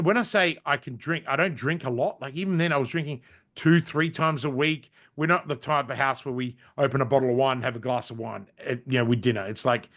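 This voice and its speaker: A man in his forties, a podcast guest telling stories in casual chat, animated, swearing casually and saying "mate" and "right?". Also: mid-range voice. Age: 40s.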